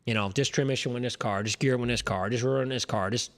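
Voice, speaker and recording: A middle-aged man from Connecticut, a former race crew member, telling lively stories as a guest in a casual interview, often repeating his words. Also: mid-range voice, fast. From Connecticut, USA.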